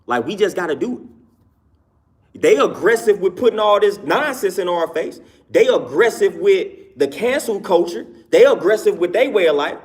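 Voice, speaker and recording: A man with a voice pitched a little above most men, talking casually to a live chat. He answers viewers' comments and repeats each point twice for emphasis, with short laughs between his points.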